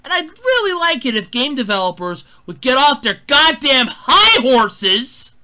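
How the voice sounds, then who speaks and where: High, lively ranting man. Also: unhurried. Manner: exasperated, profane, shouting bursts. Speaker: gaming commentator. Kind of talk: angry gaming rant.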